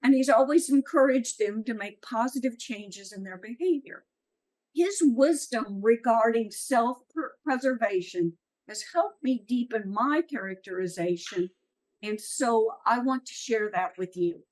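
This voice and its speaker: A woman's voice: a little high, expressive, measured pace, a little mellow, poor audio. A middle-aged woman giving an earnest, encouraging talk at a writing workshop. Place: meeting room.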